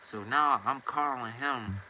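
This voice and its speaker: A man's voice: mid-range voice, takes it slowly, a little hiss or hum, low-quality recording. A young man telling a casual storytime monologue in slangy street talk, acting out every side of the conversation. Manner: animated, slangy, acts out both sides of conversations.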